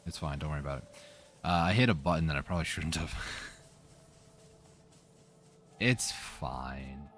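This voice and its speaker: A man's voice: extremely low pitch, fast talker, fairly bright tone, a little hiss or hum. A man hosting a co-op gameplay session, chatting casually in a laid-back, teasing way. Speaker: let's play host.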